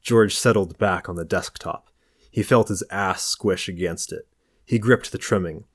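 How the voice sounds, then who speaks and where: A man narrating a novel as an audiobook reader, in a calm, measured way. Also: sits low, slightly rough, no echo, clean studio sound.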